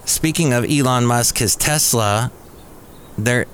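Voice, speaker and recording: A man's voice: mid-range voice, takes it slowly, a bit bright, a little hiss or hum. Chatty male podcast host. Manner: chatty, conversational storytelling. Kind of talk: casual news chat. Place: cafe.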